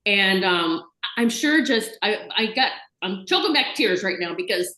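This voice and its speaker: A woman's voice: medium pitch, lively intonation, unhurried, bright, forceful tone, reverberant, poor audio. A woman hosting a casual video chat interview, chatty and enthusiastic, talking in long run-on bursts over a video call. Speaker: host.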